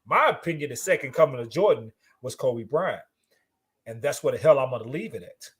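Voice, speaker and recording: Lively boastful man in casual debate. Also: mid-range voice, fairly quick. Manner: boastful, laughs a lot, curses freely. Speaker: podcast co-host.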